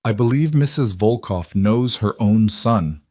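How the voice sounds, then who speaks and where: A man voicing a dangerous senior enforcer with a thick accent, curt and measured. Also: on the low side, animated, a little mellow, no room sound, clean studio sound. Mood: cold.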